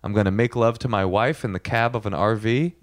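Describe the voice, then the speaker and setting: In studio-quality audio with no echo, a male podcast co-host keeps up a casual comedic chat, joking playfully and exaggeratedly. He has a lowish voice and talks a little fast.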